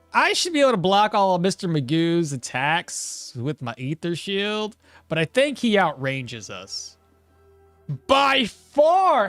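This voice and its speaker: Brief: lively, chatty game streamer, close dry mic with faint music under it. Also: medium pitch, no room sound. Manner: animated, laughing, trailing off and restarting mid-sentence. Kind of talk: casual live gameplay commentary.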